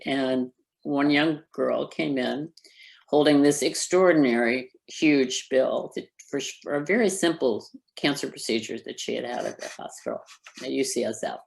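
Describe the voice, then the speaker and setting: A woman with a strikingly low voice speaks as a nonprofit founder in a conversational interview. She is emphatic and earnest, and she laughs often between points. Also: gravelly.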